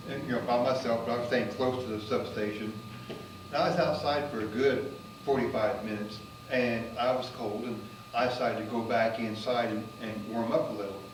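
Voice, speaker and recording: A man from the United States, a magician and comedian, casually telling a travel story in a rambling way full of fillers, getting animated at the exciting parts. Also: medium pitch, moderate pace. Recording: roomy and distant with faint noise.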